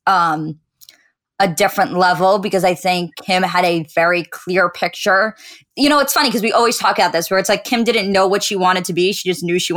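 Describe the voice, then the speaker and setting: A young woman co-hosting a casual podcast, speaking in a measured, teasing, playfully diplomatic way. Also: mid-range voice, a bit bright. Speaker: podcast co-host.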